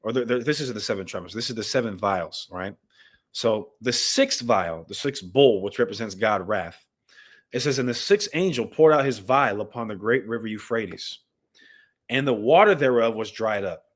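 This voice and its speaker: Speaking straight to his viewers, a man hosting a live stream reads scripture and news aloud and offers impassioned commentary on them as a Bible commentator. His voice is fairly low, moderately paced, and lively in intonation.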